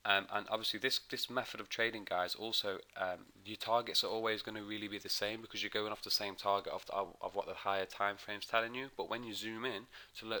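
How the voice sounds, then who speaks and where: A man's voice: low voice, bright, forceful tone. A man from the UK giving a casual, chatty walkthrough of trading charts as an educator, humming filler sounds as he clicks along.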